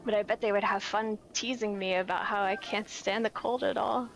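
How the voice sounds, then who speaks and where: A woman's voice: mid-range voice, fairly even intonation, normal speed, gravelly, soft background music, low-quality recording. A young woman chatting casually while streaming a game, giggly and self-deprecating. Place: home, lives in California.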